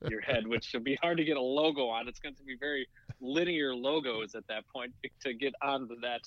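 A man's voice: mid-range voice, fairly quick, dry recording. Wry man co-hosting, dull sound. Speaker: podcast co-host. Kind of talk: casual chat.

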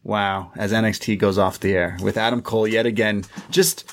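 A man co-hosting a podcast, recapping a wrestling show in a casual, animated way and slipping into voices for quotes. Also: on the low side, normal speed. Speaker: podcast co-host.

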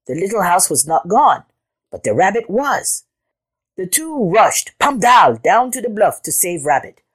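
Expressive husky woman storyteller. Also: mid-range voice, a little slow. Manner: expressive, with sound words. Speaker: storyteller host. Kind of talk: children's storybook read-aloud.

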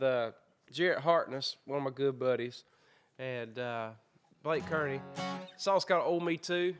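A man's voice: medium pitch, fairly bright tone. A man chatting as a singer-songwriter guest, laid-back and self-deprecating. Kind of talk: casual chat.

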